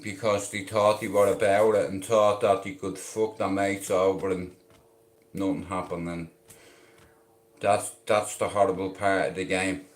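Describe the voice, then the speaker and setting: Slow, intense Irish man in echoey room. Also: low-pitched, level tone. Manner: intense, swaggering, profane, repeats questions. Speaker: livestreamer. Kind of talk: rambling live-stream monologue. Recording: roomy echo.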